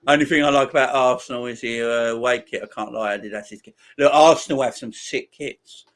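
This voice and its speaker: A man's voice: mid-range voice, moderate pace, fairly bright tone. A man in his forties giving chatty live football watchalong commentary and bantering with his chat. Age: 40s. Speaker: streamer.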